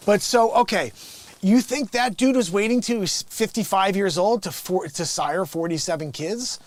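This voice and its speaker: A man's voice: sits high, normal speed, dry recording. A man hosting a livestream, chatting casually and jokingly about a Bible reading, laughing often. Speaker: livestream host.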